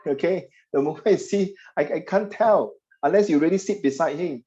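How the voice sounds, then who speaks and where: A man's voice: on the high side, normal speed, mellow, lo-fi sound. A man with a Singaporean English accent, teaching a class over a video call, chatty and teasing. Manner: chatty, teasing, puts on voices of parents and students. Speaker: tutor.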